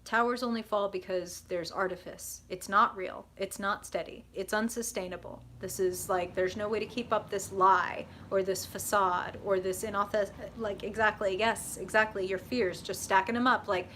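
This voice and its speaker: A young woman hosting a live tarot reading, chatting with viewers in an animated, casual way, swearing freely and saying "like" often. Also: mid-range voice, moderate pace, slight background noise.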